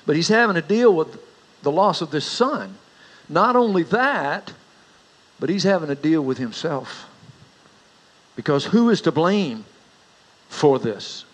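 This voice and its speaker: Folksy preacher man. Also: rough recording. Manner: folksy storyteller, rises in pitch for anecdotes. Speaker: pastor. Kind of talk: sermon.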